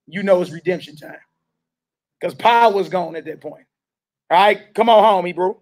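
A man's voice: high-pitched, normal speed, pauses often. A man preaching to a gathered room, urging and questioning his listeners in call and response. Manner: emphatic, urging the listeners directly. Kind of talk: street-style sermon with call and response.

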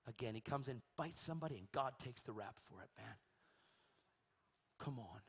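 Animated male preacher with a lively, swinging delivery, recorded in a big echoing hall. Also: medium pitch, moderate pace, gravelly, husky. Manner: animated storytelling, acts out voices, shrieks in quotes. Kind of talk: sermon. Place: large church hall. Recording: long hall reverb.

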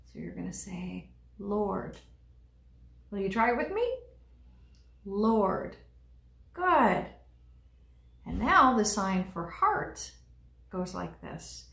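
A woman leading a children's liturgy, teaching young kids in a gentle, encouraging way and speaking right to them. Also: mid-range voice, sing-song, slow pace, gravelly, roomy sound.

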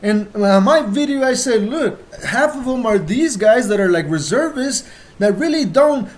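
The speaker is a channel host talking directly to viewers in an emotional, profanity-heavy rant. The voice is medium-pitched and animated, erupting into loud bursts and slowing for stressed lines.

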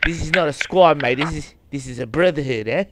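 A man's voice: fairly high pitch, fairly quick. A man bantering crudely while playing a multiplayer game, joking and swearing constantly. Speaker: gamer. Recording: loud game noise behind.

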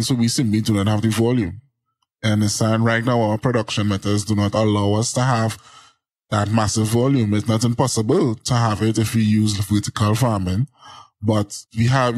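Steady man with a drony voice. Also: mid-range voice, no room sound. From Trinidad. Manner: steady, explanatory, self-described drony voice. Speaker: guest, agricultural journalist. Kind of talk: casual interview.

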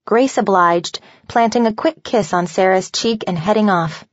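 A woman's voice: mid-range voice, moderate pace, hardly any pauses, no room sound, highs cut off. Woman narrating a novel, dry close sound. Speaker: audiobook narrator.

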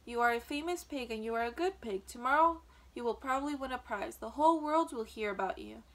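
A woman reading aloud who voices a wise female spider in a calm, soothing way. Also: fairly high pitch, a little fast, close to an everyday voice. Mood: gentle.

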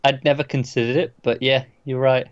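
A man's voice: medium pitch, little pitch movement, fairly quick, clear, resonant tone, lo-fi sound. A man co-hosting a podcast, casually chatting and chiming in with short, wry remarks. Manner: short wry interjections, agreeing. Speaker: podcast co-host. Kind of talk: casual review chat.

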